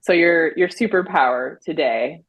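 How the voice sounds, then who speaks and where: A woman host asks her guest questions in a relaxed chat and laughs often. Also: deep voice, measured pace, husky, muffled recording. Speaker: podcast host. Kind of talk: casual interview chat.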